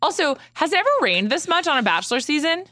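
A woman host chatting casually on a podcast, animated and full of "like" fillers, into a studio mic. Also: high-pitched, quick pace, no room sound. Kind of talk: casual chat.

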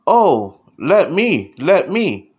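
A man voicing an excited little boy mouse in a storybook reading, raising his voice eagerly. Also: normal speed. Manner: eager, squeaky raised voice.

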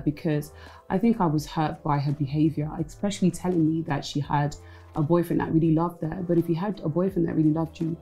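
Low-voiced woman speaking frankly. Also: mellow, low-quality recording. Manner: frank, mixes in Igbo phrases. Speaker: interview guest, former reality show contestant. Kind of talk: casual interview.

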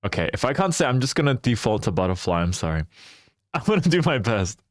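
A man's voice: medium pitch, very animated, a little fast, no room sound, studio quality. A man chatting casually with his viewers as a livestreamer, playful and teasing, often laughing.

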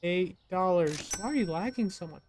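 A woman's voice: fairly low pitch, expressive, moderate pace, darkish tone, a little hiss or hum. A woman streamer giving casual let's-play commentary, cracking jokes and talking to the customers in the game. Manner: joking, chatty asides to game customers. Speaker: gaming streamer.

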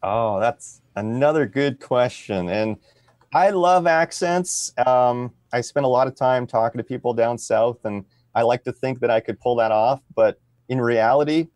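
A man's voice: mid-range voice, a little slow, darkish tone, no echo. A man speaking as a podcast guest, explaining at an easy pace and often tagging his sentences with "right?". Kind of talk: conversational interview.

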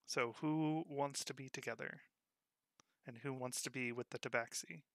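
A man narrating as game master of a tabletop game, in a relaxed, unhurried way. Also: mid-range voice, dry recording, clean studio sound.

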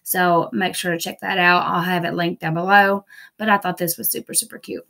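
A woman's voice: fairly low pitch, little pitch movement, normal speed, creaky, bright, forceful tone. A woman vlogging a nail-product haul from home, gushing and repeating herself with casual fillers. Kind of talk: casual haul video chat. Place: busy home with TVs and dogs.

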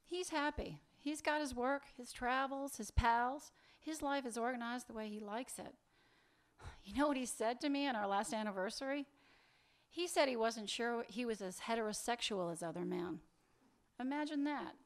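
A woman reading the lines of a sharp-tongued woman in a secret affair, cutting, sarcastic and impatient, in a live fiction reading. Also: fairly high pitch, normal speed, natural voice. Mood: bitter. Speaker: reader of a story's dialogue.

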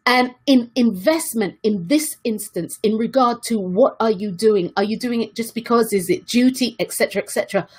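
A woman's voice: on the high side, moderate pace, few pauses, darkish tone, husky. A woman giving an earnest motivational talk to her viewers, repeating key questions for emphasis. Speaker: self-help speaker.

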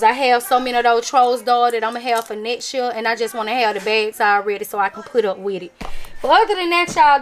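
A chatty woman with a bright, high voice talks straight to her viewers, calling them y'all. Her talk is casual and emphatic. Faint noise sits under the recording. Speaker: vlogger showing a craft haul. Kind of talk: casual chat to camera.

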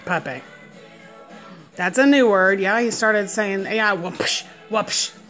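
A young woman at home feeding her son, filmed on a phone, switching between soft murmured questions and high cheerful praise. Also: takes it slowly, soft background music. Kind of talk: casual home video chat.

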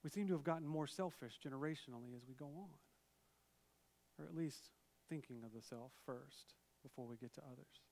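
A male pastor, probably in his thirties, preaching a sermon in a relaxed, conversational way with personal stories and asides. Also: medium pitch, fairly quick, vocal fry. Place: church sanctuary, virtual service.

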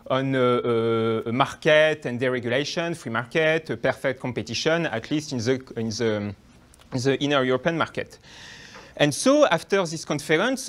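A young man from France with a French accent, giving a hesitant academic talk with many fillers and restarts. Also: on the high side. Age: young adult. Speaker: guest lecturer.

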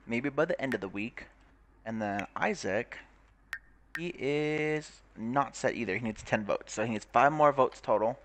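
A man's voice: medium pitch, animated, a little slow, fairly bright tone, a little hiss or hum. A young man giving casual, crude commentary while playing a game, swearing, laughing and reading game text aloud. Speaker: gaming YouTuber.

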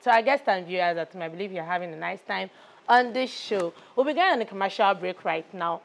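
A woman acting as a bubbly young talk show host in a Nigerian film drama, mid-pitched and chatty. She strings together upbeat presenter lines, repeating her catchphrases with gushing warmth toward her guest. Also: lively intonation, fast, vocal fry. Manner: chatty, repetitive presenter patter.

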